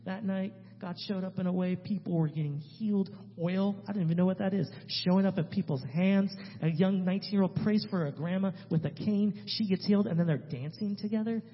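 A man, a missionary speaking to a church, telling a story in an emphatic way that swings between loud and hushed. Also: sits high, brisk, few pauses. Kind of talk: animated testimony storytelling. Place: church sanctuary. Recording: reverberant hall, dull lo-fi sound.

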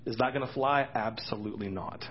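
Male pastor, excitable sermon delivery, faint room hum behind. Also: brisk, muffled recording. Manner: excitable, voice jumps high for acted quotes. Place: church sanctuary.

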